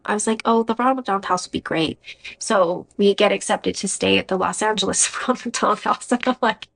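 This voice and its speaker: A woman's voice: mid-range voice, gravelly, a bit bright, rough recording. A young adult woman, a podcast guest, giving a personal faith testimony in an earnest, emotional, conversational way with frequent "like" fillers.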